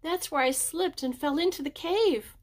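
A woman voicing a frightened, hurt little girl in a storybook reading, speaking in a high, pleading voice. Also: normal speed, lightly acted.

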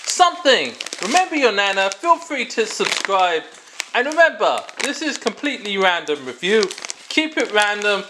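A man hosting a comic product-review vlog, rambling with jokey asides and quick self-corrections. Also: high-pitched, sing-song, noisy background.

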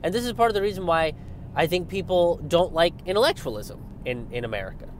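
A young man giving a casual political rant, animated and sarcastic, swearing often and mocking his opponents. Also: on the high side, fast talker, a little hiss or hum. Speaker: political commentator. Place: outdoors by a road with passing traffic.

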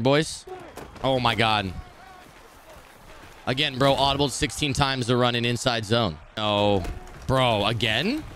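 A young man streaming a football video game, commenting live, swearing and swinging between muttered complaints and shouted reactions. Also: medium pitch, slight background noise. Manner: profane trash talk.

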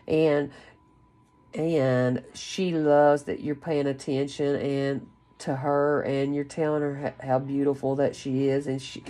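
A woman giving an excitable, rambling channeled spiritual reading, full of gasps, exclamations and casual swearing. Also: deep voice. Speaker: spiritual card reader. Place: her home, lives in West Virginia.

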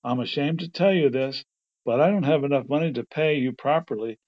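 A man's voice: mid-range voice, fairly quick, dull audio, natural voice. A man voicing a male stage magician, shy at first yet grand and scornful, in a storybook reading. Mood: humble.

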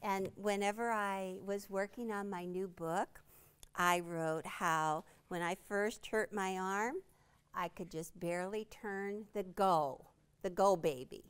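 A woman leads a quilting demonstration in a studio with a small audience listening. She takes her time, talking in a relaxed, playful way and stopping to quiz the room. Her voice comes through clean and smooth. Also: medium pitch, takes it slowly. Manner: chatty, playful, quizzes the audience. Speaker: quilting instructor and show host. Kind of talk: live product demonstration.

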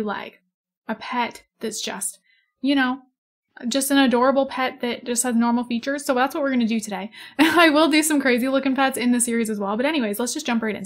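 A young woman in her twenties chatting casually over gameplay, rambling, giggling and gushing over cute animals. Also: on the high side. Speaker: gaming YouTuber. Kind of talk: casual let's-play chat.

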